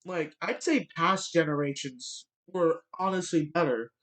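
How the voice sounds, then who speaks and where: A man ranting bluntly into the camera, swearing often and filling pauses with fillers, his nose stuffy from a cold. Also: fairly high pitch, a bit bright. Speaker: vlogger. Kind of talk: ranting monologue.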